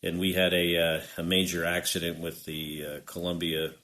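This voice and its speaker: A man, a retired astronaut, answering interview questions in a halting way with many fillers. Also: deep voice, flat delivery, bright, forceful tone.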